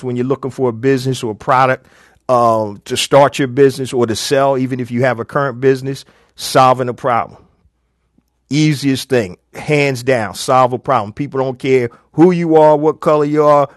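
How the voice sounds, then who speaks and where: A middle-aged man gives business advice on a live show in an easy, chatty way. He tells stories and acts out bits of dialogue. His voice sits at an average pitch, and the recording is dry and close. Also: no echo. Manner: casual, chatty, storytelling with quoted dialogue. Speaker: business coach host.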